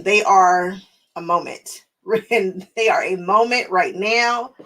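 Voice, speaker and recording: Her voice sits at medium pitch with a slightly bright quality, though the rough recording has some hiss or hum. She's a young quilting channel host, chatting easily with viewers as she works, laughing and addressing them by name.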